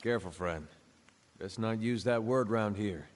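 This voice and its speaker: A big, smirking man, as an actor plays him in a fantasy game, talking dry and unhurried with a sardonic edge. His voice is fairly low, and a long reverb trails each phrase. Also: lightly acted. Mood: wry. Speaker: game character.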